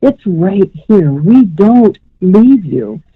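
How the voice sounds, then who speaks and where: Woman voicing a slow, wise old professor spirit. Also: medium pitch, big pitch swings, husky, full character voice. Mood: gently instructive. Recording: tinny phone line.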